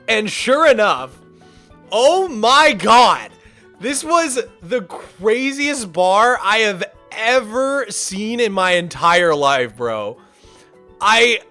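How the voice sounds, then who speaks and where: A man streaming and telling a story in a casual, rambling way, animated and full of "like" and restarts. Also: high voice. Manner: animated, rambling, repeats himself, lots of "like".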